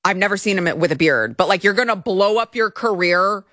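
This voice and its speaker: A woman's voice: mid-range voice, animated, brisk, a bit bright, no echo, clean studio sound. Wry, incredulous woman host. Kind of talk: commentary on a court filing.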